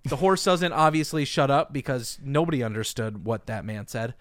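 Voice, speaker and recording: A man co-hosting a casual chat, telling stories in an animated way and laughing often. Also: medium pitch, moderate pace, dry recording, clean studio sound. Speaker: podcast co-host. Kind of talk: casual comedic storytelling.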